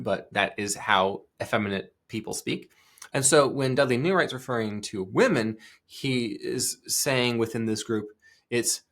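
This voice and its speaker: A man's voice: medium pitch, a bit bright. Man musing in a rambling solo podcast. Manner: discursive, restarts and asides. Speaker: podcast host.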